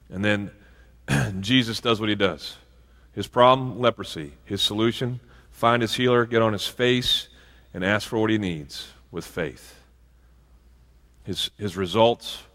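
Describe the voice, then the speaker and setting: Bright-voiced pastor in a reverberant church. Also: male voice, lowish voice, a little slow. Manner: conversational preaching with asides and restarts. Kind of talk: sermon. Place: church sanctuary.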